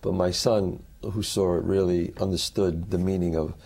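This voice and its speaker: A man, an actor, talking as a guest in an interview and telling animated stories in which he acts out other people's lines. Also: sits low, normal speed, slightly rough. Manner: lively storyteller who acts out the quotes.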